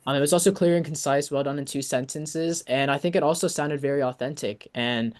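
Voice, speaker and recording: A teenage boy with a fairly high voice co-hosts an online session and gives upbeat, quick feedback. He keeps filling his talk with ums and likes. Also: steady tone. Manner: upbeat, quick, filler-heavy. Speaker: workshop presenter.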